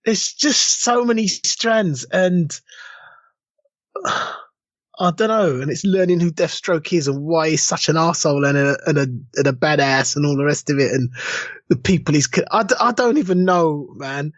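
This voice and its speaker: This podcast co-host keeps things casual, imitating various voices as he relays quotes. He speaks at a moderate pace with a slightly high voice, captured in a dull, dry lo-fi recording.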